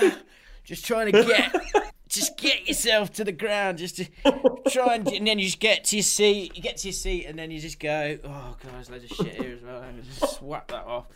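A man co-hosting a casual football podcast, his voice sitting a little high for a man. He tells stories with animated, laughing banter. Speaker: podcast co-host. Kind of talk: casual chat.

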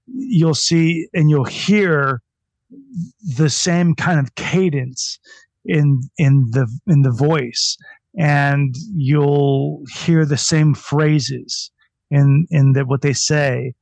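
A man speaking as a guest on a casual podcast, unhurried and a touch high in pitch. He is irreverent and mocking, often breaking into laughter. The sound is dry and close, with no room around it. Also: gravelly, dry recording.

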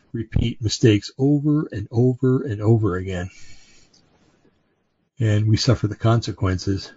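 A man hosting a podcast, reading scripture aloud and commenting on it in a halting way, with fillers and self-corrections. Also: medium pitch, warm tone, husky, dry recording. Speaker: podcast host. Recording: dry, dull lo-fi recording.

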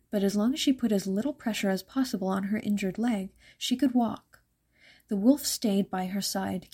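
A woman narrating a dark fairytale in a measured, even storytelling manner. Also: mid-range voice, breathy edge.

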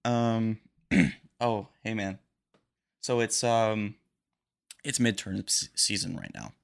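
A young man hosting a casual solo podcast, rambling quickly and a little nervous. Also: fairly low pitch, steady tone, creaky. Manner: rambling, fast-talking and a bit nervous. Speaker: podcast host.

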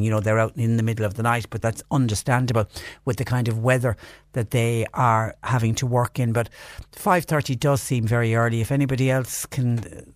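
A man's voice: medium pitch, no echo, studio quality. A man with an Irish accent hosting a local radio phone-in, chatting through listener texts and reading community notices. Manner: conversational, reads texts and notices aloud. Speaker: radio host. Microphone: studio microphone.

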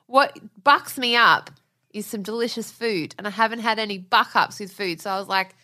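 A woman's voice: mid-range voice, normal speed, sharp tone. A woman co-hosting a podcast, giggly, chatty and self-mocking. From Australia. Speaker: podcast co-host. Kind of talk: casual chat.

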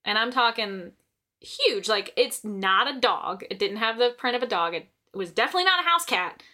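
A young woman with a high, bright voice tells a story in a loose, casual chat. She swears freely and laughs a lot between lines. Her telling is emphatic and animated. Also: normal speed.

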